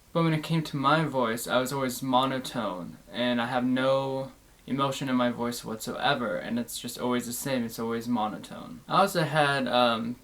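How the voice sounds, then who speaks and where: A man's voice: medium pitch, fairly bright tone. Earnest young man, plain-spoken host. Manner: earnest, reflective, plain-spoken with loose run-on phrasing. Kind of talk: candid personal monologue.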